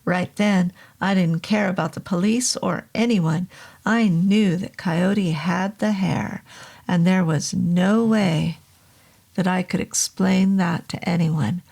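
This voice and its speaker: A woman narrating a horror novel in a slow, measured reading. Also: lowish voice, creaky, a little mellow.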